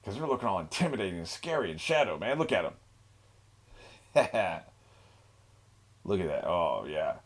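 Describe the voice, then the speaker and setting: A man's voice: low-pitched, big pitch swings, moderate pace, long pauses, slightly rough. A young man hosting an anime reaction, rambling in a laid-back way with frequent laughs and mocking asides. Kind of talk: casual reaction commentary.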